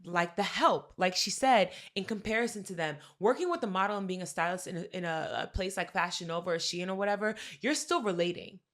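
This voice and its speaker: Bright-voiced woman, profane casual chat. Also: on the low side, a little fast, few pauses. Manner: animated storytelling with mimicked customer voices; profane, slangy. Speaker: podcast co-host.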